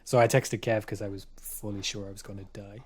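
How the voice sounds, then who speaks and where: A man casually telling a spooky story on a podcast, rambling with restarts and dropping to a hush for his own thoughts. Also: on the low side, little pitch movement, fairly quick, crowd noise. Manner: rambling, restarts, quiet asides when recalling his thoughts. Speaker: podcast co-host.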